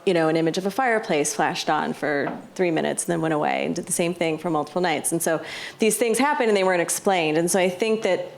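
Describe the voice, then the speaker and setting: A woman's voice: fairly low pitch, quick pace, gravelly. A woman moderating a panel talk, thoughtful and hesitant, often saying "you know". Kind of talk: casual panel conversation. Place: gallery talk before a live audience.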